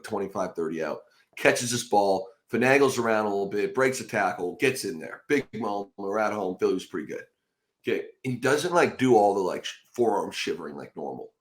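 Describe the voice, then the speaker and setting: A man hosting a casual podcast, telling animated, profane stories and acting out quotes loudly. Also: lowish voice. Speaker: podcast host.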